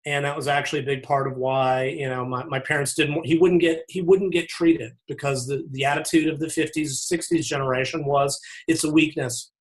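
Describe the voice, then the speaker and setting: Frank, reflective man with a slightly high voice. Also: steady tone, fairly quick, few pauses. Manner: frank, reflective, talks in loose restarting sentences. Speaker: podcast guest, fitness author. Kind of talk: candid conversational interview.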